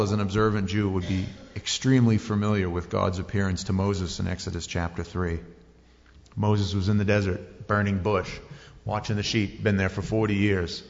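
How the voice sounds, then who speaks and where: A male pastor preaching a sermon. He tells the story in a casual, jokey way and uses slang. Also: fairly low pitch. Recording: dull sound in a reverberant hall.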